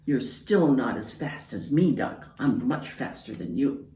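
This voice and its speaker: A woman voicing a boastful, competitive male horse with a smug, lowered voice. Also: lively intonation, unhurried, warm tone. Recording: roomy, from far off.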